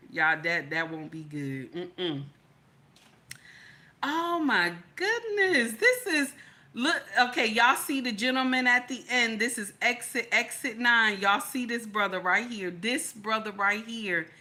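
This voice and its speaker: A woman hosting a live stream, reading the chat aloud in a sassy, teasing, chatty way. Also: medium pitch. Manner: sassy, teasing, chatty with loud laughing outbursts.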